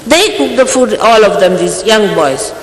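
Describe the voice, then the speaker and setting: A woman's voice: mid-range voice, expressive, a little slow. Stern woman in her sixties, echoey hall. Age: 60s. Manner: stern, admonishing, rhetorical questions. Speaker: spiritual teacher. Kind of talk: scolding talk to followers. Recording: echoey hall, faint background hiss.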